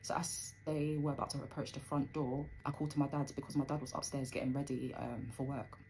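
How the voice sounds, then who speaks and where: A woman's voice: very deep voice, fairly even intonation, fast talker, a little mellow, slight background noise, poor audio. A young woman telling a personal story in a rambling, conversational way with plenty of fillers.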